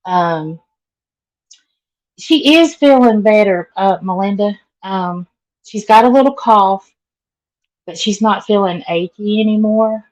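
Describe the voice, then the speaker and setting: A woman's voice: mid-range voice, slow pace, long pauses, darkish tone, low-quality recording. A middle-aged woman with a Southern accent, chatting casually with live viewers and greeting them by name. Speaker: vlogger.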